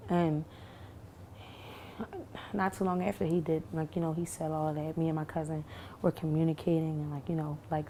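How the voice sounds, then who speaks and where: A young woman recounting what she lived through, halting with many fillers and restarts. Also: low voice, dark tone, a little hiss or hum. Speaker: shooting survivor. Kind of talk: recounting testimony to camera.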